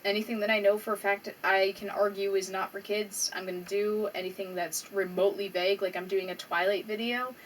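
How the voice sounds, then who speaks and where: A woman's voice: mid-range voice, level tone, a little fast, few pauses. A young adult woman vlogging to her small audience, emotional and rambling, swearing often and fighting back tears. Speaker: small YouTuber. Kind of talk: casual vlog. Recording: slightly distant mic with faint background noise.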